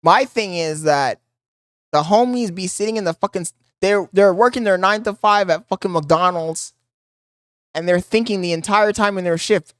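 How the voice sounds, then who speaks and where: A man's voice: sits high, normal speed, fairly bright tone, clean tone, no echo, studio quality. A man streaming live, reacting to videos and making chatty, joking asides to his chat.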